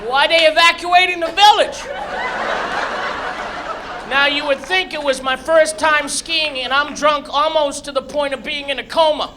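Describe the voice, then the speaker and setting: A man from Massachusetts performing live stand-up comedy, telling animated stories with shouted squeals and acted-out voices. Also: very high voice, a little slow, background noise. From Massachusetts, USA. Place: comedy club stage. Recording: live club recording with crowd. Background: audience laughter.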